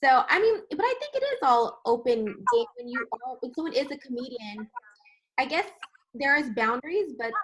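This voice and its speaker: A woman's voice: sits high, big pitch swings, moderate pace, poor audio. A woman hosting an interview, chatty and enthusiastic in casual conversation. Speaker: interview host.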